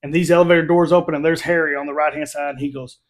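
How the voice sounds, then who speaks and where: A middle-aged man hosting a casual review chat, animated and quick to laugh as he retells scenes. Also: a little high, crowd noise. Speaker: reviewer, channel host.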